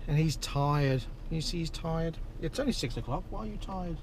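A man's voice: a little high, animated, moderate pace, a little hiss or hum. A man vlogging with his toddler, talking to him in a playful, coaxing way. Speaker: father vlogger. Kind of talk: casual family vlog chat.

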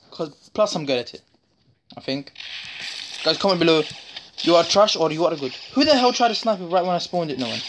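Woman, mobile gameplay commentary, excitable trash talk, lowish voice, noisy phone recording with tapping. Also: brisk, long pauses. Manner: excitable, jokey trash talk with sudden yelps. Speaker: mobile game streamer. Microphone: phone screen recorder.

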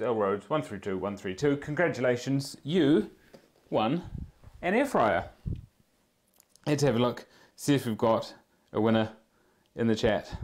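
A man's voice: fairly low pitch, a little mellow. A man with a New Zealand accent hosting a live-streamed prize draw. He chats in an easygoing way with viewers in the chat while he works.

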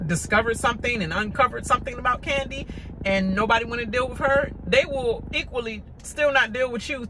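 A woman hosting a casual TV recap rant, animated and mocking, with lots of laughter and stammered fillers. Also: mid-range voice, a little hiss or hum. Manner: stammering filler-heavy delivery. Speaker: reality TV recap host.

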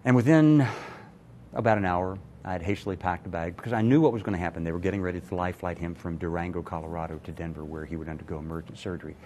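An older man with a very deep, low voice shares a painful family story on a TV interview. He speaks earnestly and measures his words. A faint noise sits under the recording. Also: fast talker, dark tone. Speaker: retired cardiologist, guest.

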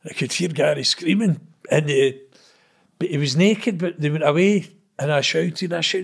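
Gravelly Glaswegian man telling stories. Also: fairly high pitch, normal speed. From Scotland. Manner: blunt, sweary, rambling with frequent 'know what I mean'. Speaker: interview guest. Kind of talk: casual storytelling.

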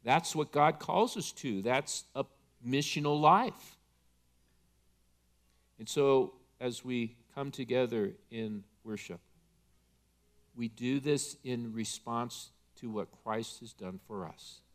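A man's voice: medium pitch, takes it slowly. A male pastor delivering an impassioned, emphatic sermon in church.

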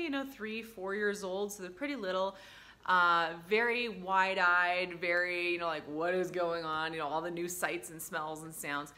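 A woman telling casual stories about her dental work, chatty with lots of fillers, breaking into bright quoted voices. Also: fairly low pitch. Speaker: dental hygienist vlogger. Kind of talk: casual storytelling to camera.

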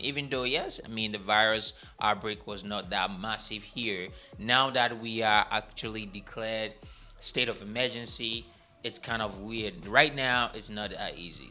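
A man's voice: medium pitch, pushed and bright. A young man hosting a casual entertainment update from a small studio, chatty and rambling, often correcting himself. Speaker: entertainment news host.

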